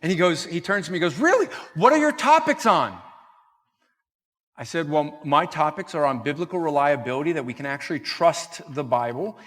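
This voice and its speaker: Animated male preacher in reverberant hall. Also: on the high side, quick pace, hardly any pauses. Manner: animated storyteller acting out dialogue. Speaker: conference speaker. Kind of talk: storytelling sermon talk. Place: church hall.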